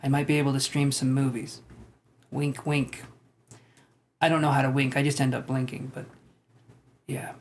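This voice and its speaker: A man's voice: mid-range voice, flat delivery, brisk, slight background noise. A young man hosting a live stream, chatting casually with viewers and rambling with self-deprecating jokes. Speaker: tarot livestream host. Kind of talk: casual live-stream chat reading comments.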